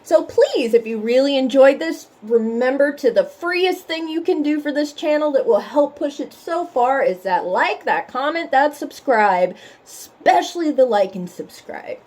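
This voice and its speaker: Tearful, chatty woman with a higher voice. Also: animated, a little slow, hardly any pauses. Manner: emotional and tearful, apologetic, warmly chatty. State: teary from crying. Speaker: reaction channel host. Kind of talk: casual reaction vlog chat.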